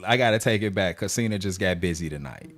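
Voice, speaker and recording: A man's voice: deep voice, fast talker, fairly bright tone. A man co-hosting a casual podcast, joking around and repeating phrases for laughs. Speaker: podcast co-host. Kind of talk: casual chat.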